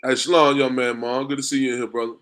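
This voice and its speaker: A man's voice: mid-range voice, level tone, fast, a bit bright. A man teaching a class in a preaching style, firing rhetorical questions at his listeners and calling them "man" over and over, with frequent chuckles. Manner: chuckles often while talking. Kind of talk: street-preaching class lecture.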